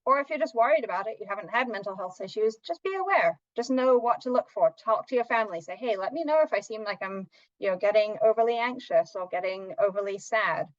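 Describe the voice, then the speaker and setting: A woman's voice: medium pitch, animated, quick pace, no echo. A woman doctor gives practical advice on a webinar call. She is friendly and hesitant, with lots of ums. The audio is dry and a little muffled, with no room sound. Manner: friendly, practical, many fillers. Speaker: doctor and lactation consultant. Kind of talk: webinar panel talk.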